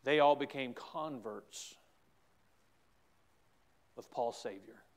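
Preaching slowly in a medium-pitched voice, a middle-aged Southern US pastor shifts between quiet asides and loud, emphatic exclamations during his sermon.

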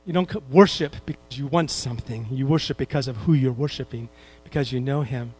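A man's voice: medium pitch, a little mellow, slightly rough. A man preaching a sermon, drawing the congregation into repeating verses and adding light humorous asides. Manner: quotes King James scripture with slow emphasis.

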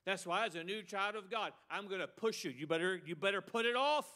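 A man's voice: sits high, brisk, bright, forceful tone. A middle-aged male pastor preaching a sermon with emphasis, repeating a refrain and mocking excuses.

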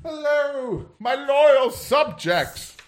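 Casting: arrogant royal wrestler, man, high lofty put-on accent, played by a man. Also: lively intonation, very slow, heavily acted. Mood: grand. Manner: haughty, regal greetings, put-on accent. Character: pompous blond noble male wrestler, king-like.

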